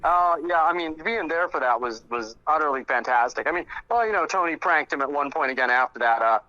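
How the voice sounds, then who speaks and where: A man with a bright, forceful voice recounts old stories in animated, chatty fashion, slipping into the voices of the people he quotes. His voice sits a bit high for a man. The audio is dry and dull, like a lo-fi call recording. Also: fairly quick, dry recording. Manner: animated, acts out quoted dialogue in raised voices. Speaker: guest, close friend recalling the deceased. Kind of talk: conversational storytelling. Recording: muffled lo-fi audio.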